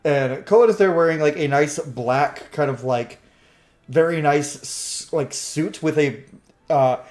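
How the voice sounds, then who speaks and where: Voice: mid-range voice, a little slow, a little mellow. A game master narrating a tabletop game in a casual, rambling way with lots of fillers.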